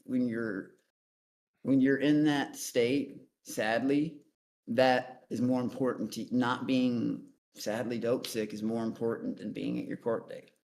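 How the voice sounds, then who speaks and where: A man's voice: mid-range voice, fairly even intonation, a little slow, creaky, darkish tone, a little hiss or hum. A man telling a story as a guest on a call-in show, blunt and profane, rambling through his account. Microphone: online voice chat.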